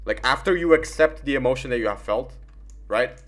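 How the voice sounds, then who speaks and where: A man's voice: mid-range voice, lively intonation, fairly quick. A young man giving rambling, casual commentary while gaming, full of fillers and swearing.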